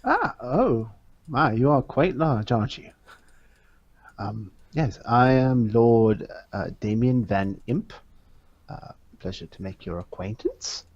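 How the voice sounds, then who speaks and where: A man's voice: mid-range voice, expressive, slow, darkish tone, no echo, muffled recording. A man playing a prissy, pompous young lord. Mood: fussy. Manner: prissy, hesitant and affected. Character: fussy, pompous young nobleman lawyer. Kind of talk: tabletop role-play.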